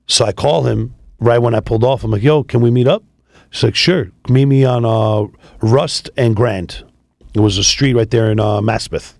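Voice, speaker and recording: A man, a tow business founder telling profane, animated stories in a casual interview. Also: mid-range voice, normal speed, gravelly, no echo, studio quality. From New York City. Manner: profane, animated street storytelling.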